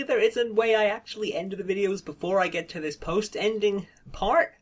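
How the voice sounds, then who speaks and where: Woman, mid-pitched, blunt and sardonic, swears freely; roomy room sound. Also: normal speed, few pauses. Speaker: media review host. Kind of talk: casual spoken review. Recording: roomy echo.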